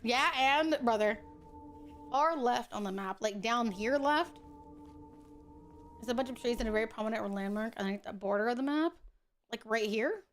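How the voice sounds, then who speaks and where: A woman streaming a horror game and joking with friends on a call, swearing freely and laughing loudly. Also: on the high side, moderate pace, long pauses, a little hiss or hum. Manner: profane, joking, loud laughs. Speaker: VTuber streamer. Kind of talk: casual gaming stream chat.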